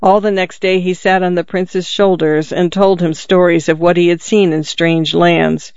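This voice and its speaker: A man narrating a fairy tale in a calm, measured reading. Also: sits high, clean tone, dry recording. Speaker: storyteller. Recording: dull lo-fi, dry.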